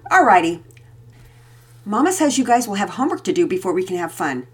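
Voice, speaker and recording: A woman voicing a jolly, easygoing father in a storybook reading, with a lowered, hearty tone. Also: very animated, brisk, breathy edge.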